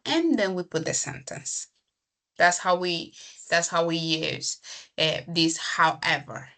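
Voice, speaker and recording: A woman's voice: on the low side, a bit bright. Woman teaching English grammar. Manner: explains slowly, repeats herself, checks in with "okay?". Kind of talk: classroom grammar lesson.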